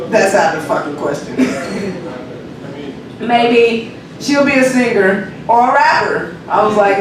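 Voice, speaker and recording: Rehearsing his stand-up comedy, a man with a high voice talks slowly as a crowd murmurs behind him. His stories are energetic and full of profanity, and he cracks up at his own punchlines, all captured by a distant mic in a noisy, echoing space.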